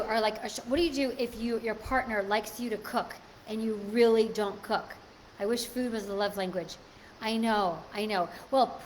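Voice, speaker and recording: A woman's voice: a little high, slight background noise. Chatty woman hosting a live stream. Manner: chatty, reads and answers viewer comments. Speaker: livestream host. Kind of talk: casual live-stream chat with viewers.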